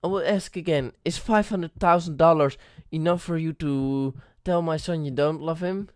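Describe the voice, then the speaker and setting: A man's voice: on the high side, moderate pace, clean tone, dry recording, clean studio sound, natural voice. A man reading the lines of a stern, dismissive queen in a story game. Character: cold, commanding queen, a middle-aged woman.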